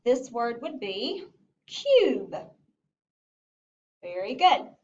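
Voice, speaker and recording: Slow, lively-voiced woman teaching phonics. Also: fairly high pitch. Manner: slow, clear, encouraging teacher talk. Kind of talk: phonics lesson for young children. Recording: distant lo-fi recording.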